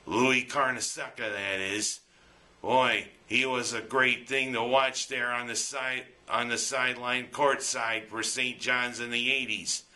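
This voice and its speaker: A man delivers his weekly commentary at an unhurried, deliberate pace. His voice is bright and forward, and his delivery is plainspoken and earnest. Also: mid-range voice. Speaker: local sports and opinion commentator.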